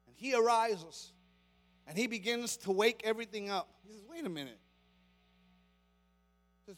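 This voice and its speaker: Pastor, male, very high voice, sermon delivery that swings from quiet talk to shouted preaching. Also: normal speed, pauses often, faint music behind. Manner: acts out quoted psalm lines with dramatic emphasis.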